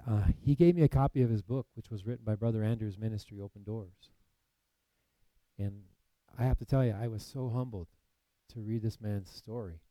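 Preacher, male, mellow dry voice, animated storyteller who drops to a hush. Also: lowish voice, no echo, low-quality recording. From United States. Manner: animated storytelling, acts out quoted voices, then hushed and solemn. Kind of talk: sermon storytelling.

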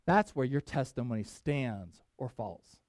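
Animated man preaching a sermon. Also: mid-range voice, a little slow, no echo. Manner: animated preaching, dynamic swings from loud emphasis to quiet asides. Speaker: pastor. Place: church in Wyoming.

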